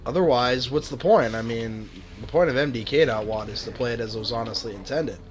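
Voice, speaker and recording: A man's voice: mid-range voice, a little fast. A man streaming a video game, talking casually and sardonically, often swearing. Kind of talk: casual gaming chat.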